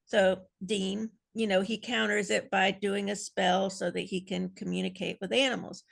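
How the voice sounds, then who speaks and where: A woman's voice: mid-range voice, little pitch movement, moderate pace, vocal fry. A woman fan panelist on a video call, rambling playfully through a speculative idea and adding amused asides. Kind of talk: casual video-call chat.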